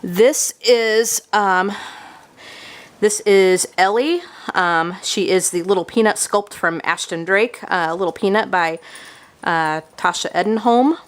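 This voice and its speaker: A woman's voice: mid-range voice, takes it slowly, clean tone. A woman talking casually on a handheld camera as she tours her home craft room, rambling with many fillers and restarts. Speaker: vlogger giving a room tour. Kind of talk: casual chat.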